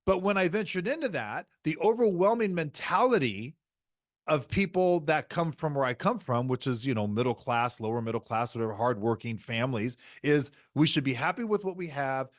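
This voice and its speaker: Middle-aged guy doing a motivational podcast, kinda high voice, punchy and repetitive, dry close sound. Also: dry recording. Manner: emphatic, repeats key phrases. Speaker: podcast host.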